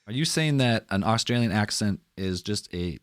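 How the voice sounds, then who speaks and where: A man's voice: on the low side, animated, moderate pace, smooth, no echo, clean studio sound. A man hosting a podcast, teasing his guest with joking questions. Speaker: podcast host. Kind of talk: casual podcast chat.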